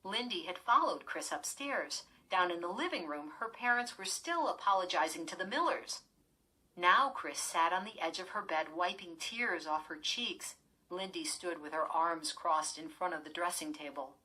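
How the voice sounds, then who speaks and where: A woman narrating a children's horror audiobook in an even, measured storytelling manner. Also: fairly low pitch, slightly rough, low-quality recording.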